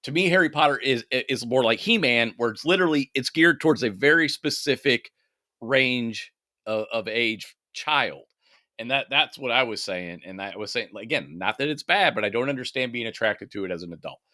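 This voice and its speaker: A man co-hosting a casual podcast over remote mics, chatty and quick to laugh, swearing freely. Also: medium pitch, animated, bright, forceful tone, dry recording, studio quality. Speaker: podcast co-host.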